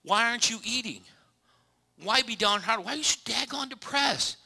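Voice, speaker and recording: A man doing the voice of an exasperated ancient husband, high and loud in comic exaggeration. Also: lively intonation, moderate pace, creaky, full character voice. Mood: mocking, exasperated.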